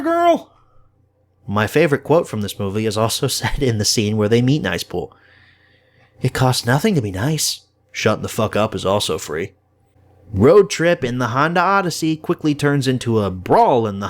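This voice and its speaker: Give me a young man reviewing a movie casually, stumbling over words now and then, with a lowish, animated voice. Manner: enthusiastic, profane, occasional stammers. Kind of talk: casual spoken film review.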